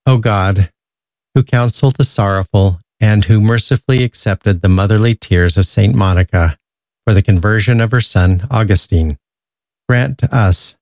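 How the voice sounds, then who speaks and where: A man leading a calm, formal spoken prayer on a radio show. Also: lowish voice, dry recording.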